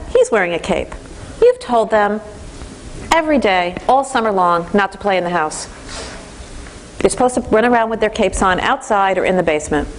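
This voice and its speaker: A woman instructor giving a lively, conversational lecture in a classroom, speaking straight to the class. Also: medium pitch, a little hiss or hum, low-quality recording.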